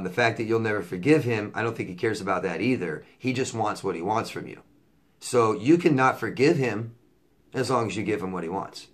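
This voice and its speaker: A middle-aged man coaching viewers in a casual advice monologue, blunt and repetitive, swearing when riled up. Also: lowish voice. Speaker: relationship coach answering viewer questions.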